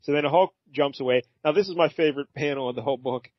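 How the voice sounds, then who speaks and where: A man's voice: mid-range voice, fast talker, no room sound. A man co-hosting a podcast, recapping a comic in a rambling, self-mocking casual chat and laughing often. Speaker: podcast co-host. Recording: dull lo-fi podcast audio.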